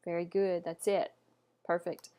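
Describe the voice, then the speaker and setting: Slow, patient woman teaching pronunciation. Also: fairly low pitch, level tone, dark tone, clean tone. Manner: models words repeatedly, encouraging. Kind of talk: slow, patient online lesson.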